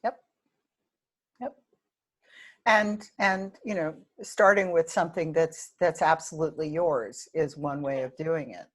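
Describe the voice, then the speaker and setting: A woman's voice: low voice, unhurried, long pauses. A woman hosting a webinar, chatting casually and self-deprecatingly about practicing speeches.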